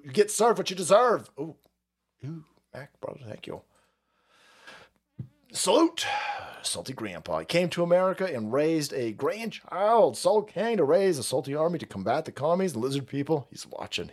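A man hosts a livestream with a fairly high voice that swings up and down a lot. He rants in a foul-mouthed, mocking way and laughs often. He thanks people in the chat one after another. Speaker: livestream host reading chat. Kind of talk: casual ranting chat.

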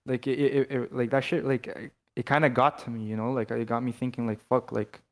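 A young Canadian podcast co-host talks briskly with a flat delivery at a medium pitch. His casual conversation wanders loosely, heavy on swearing and full of false starts.

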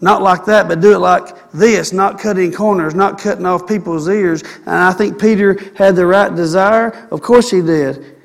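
A man preaching a sermon, animated and acting out the people he quotes. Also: high voice, normal speed, gravelly, in a large hall. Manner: animated, acts out quoted people, calls for amen.

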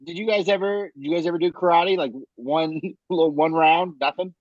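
A man co-hosting a casual podcast chat, animated and swearing, laughing often. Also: on the high side, normal speed, no room sound. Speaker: podcast co-host. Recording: dry, dull lo-fi mic.

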